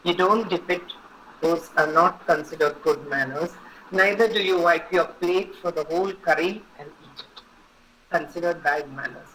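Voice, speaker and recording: A woman's voice: fairly low pitch, moderate pace, fairly bright tone, a little hiss or hum, rough recording. A woman teaching an online etiquette class, giving firm, repetitive instructions and checking in with her students. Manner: instructive, repeats points and checks with "okay?".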